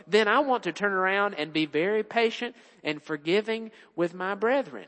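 A man's voice: sits high, a little fast, hardly any pauses, sharp tone, in a large hall. A man preaching a sermon in an earnest, explanatory way, quoting and explaining scripture.

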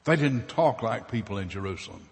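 A man preaching a dramatic sermon, swinging from loud bursts to hushed asides. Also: lowish voice, lively intonation, a little fast, vocal fry. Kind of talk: sermon storytelling. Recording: long reverb in a hall.

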